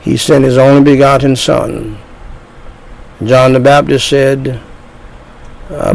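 A man preaching an evangelistic sermon, slow and deliberate, drawing out his phrases. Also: medium pitch, steady tone, vocal fry, darkish tone, low-quality recording.

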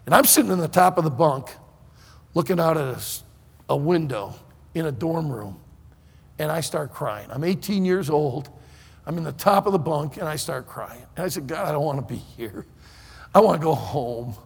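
A man from northern Michigan preaching with folksy, animated storytelling that bursts into shouts. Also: on the high side, normal speed, gravelly, breathy edge, long reverb tail. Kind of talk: storytelling sermon.

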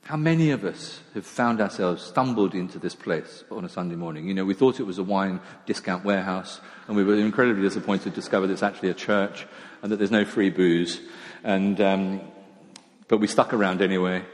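Preacher in a reverberant church. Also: male voice, sits low, brisk. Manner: conversational, self-deprecating, with quiet asides. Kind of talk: sermon. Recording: long church hall reverb.

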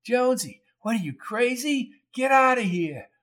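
A man doing a wounded friend yelling. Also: high-pitched, big pitch swings, moderate pace, pitched above the performer's own voice, full character voice. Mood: urgent. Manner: yelling, gruff. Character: wounded tough male friend under fire.

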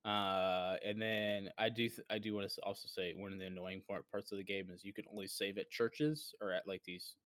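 A man's voice: low-pitched, steady tone, fairly quick, hardly any pauses, a bit bright, dry recording. A man co-hosting a casual gaming podcast, rambling and acting out his own past reactions as he tells a story. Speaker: podcast co-host.

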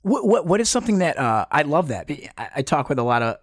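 A man telling a personal story in a casual chat, rambling with many fillers, restarts and quick laughs. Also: a little high, big pitch swings, no echo, studio quality. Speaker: guest.

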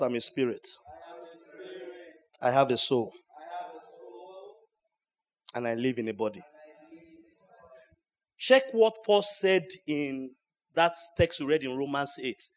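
A man preaching at a church service, swinging between hushed asides and loud shouts. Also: on the high side. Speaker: pastor. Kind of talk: sermon.

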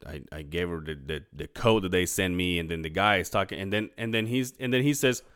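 A middle-aged man with a lowish, clean-toned voice chats casually as a podcast co-host, telling an animated story full of acted-out quotes and free swearing. He clears his throat and still has his morning voice.

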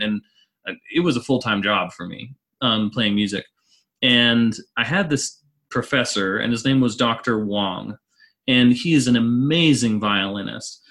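Animated man telling a classroom story. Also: medium pitch. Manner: animated storyteller, laughs often, acts out quotes. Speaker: guest, teacher. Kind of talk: casual interview storytelling.

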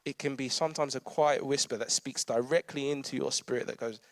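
A man's voice: mid-range voice, steady tone, a little fast, few pauses, dry recording. Man in his thirties preaching. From London. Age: 30s. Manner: storytelling with frequent laughter and humorous asides. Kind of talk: conversational sermon.

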